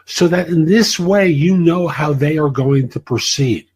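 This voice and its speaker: Man, career advice host, husky voice, blunt and plain-spoken. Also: a little high, unhurried, a little mellow, rough recording. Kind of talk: answering listener questions.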